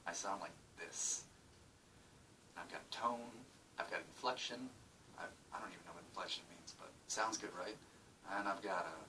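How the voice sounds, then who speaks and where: A man's voice: sits low, sharp tone, recorded from a distance, a little hiss or hum, poor audio. A man casually vlogging at home into his phone, muttering and swearing while joking about himself. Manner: profane, self-mocking, muttering. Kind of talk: casual rambling video diary. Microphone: phone camera.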